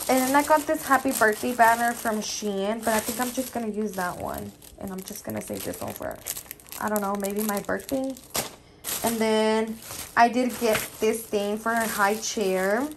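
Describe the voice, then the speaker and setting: A woman's voice: on the high side, unhurried, noisy background. A young woman talking casually in a home vlog, chatty and emotional, often saying y'all. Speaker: vlogger.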